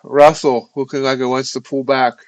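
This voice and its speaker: A man talks through his trades on a live stream in an unhurried, half-to-himself mutter, dropping wry remarks as the charts move. His voice sits at an everyday middle pitch. The sound is dry and close, with no room around it. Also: flat delivery, dry recording, poor audio. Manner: muttered self-talk over charts, wry asides. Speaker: futures trading streamer. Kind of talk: live trading commentary.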